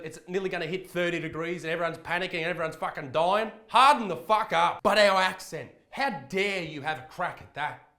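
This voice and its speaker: A man's voice: high-pitched, pushed and bright. Aussie guy mouthing off, swearing constantly, fake outrage, kinda roomy echo. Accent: Australian. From Australia. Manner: crude, sweary, mock-outraged. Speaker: comedian. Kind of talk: comedic rant reacting to clips.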